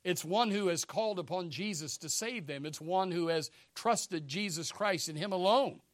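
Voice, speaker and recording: A male pastor preaching a sermon, emphatic and repetitive, swinging between loud urgent declarations and quieter conversational asides. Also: sits high, moderate pace, no room sound. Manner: many fillers and restarts, conversational preaching.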